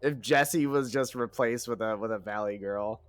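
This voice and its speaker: A man's voice: mid-range voice, moderate pace, smooth, no echo. A man playing a game with a friend on stream, joking and teasing in casual chat. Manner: joking, teasing, laughs easily. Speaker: co-player on a stream.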